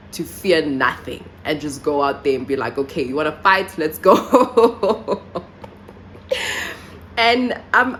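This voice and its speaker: A woman's voice: sits low, slight background noise. A young woman from South Africa vlogging casually, telling a story with lots of fillers. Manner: chatty, animated storytelling with many fillers. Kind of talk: casual vlog chat and storytelling.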